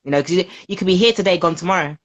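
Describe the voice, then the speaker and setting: A woman, a podcast guest chatting casually, animated and quick to laugh, slipping into playful voices for people she quotes. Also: lowish voice, highs cut off. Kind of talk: casual chat.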